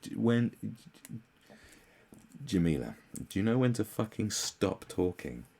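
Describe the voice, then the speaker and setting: A young man ranting sarcastically as a commentary host, swearing often and mocking others in shrill put-on voices. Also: sing-song, slow, vocal fry, dark tone, husky.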